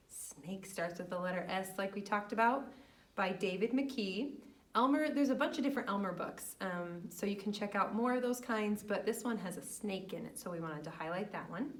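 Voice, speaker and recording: A woman running a children's library storytime in a patient, sing-song teaching manner. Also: mid-range voice. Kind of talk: storytime for young kids. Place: library room. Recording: echoey room, mic far off.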